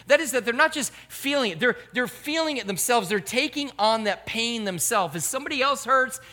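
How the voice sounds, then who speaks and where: Male pastor, middle-aged, high voice, forceful tone, earnest sermon delivery. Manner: earnest, emphatic preaching.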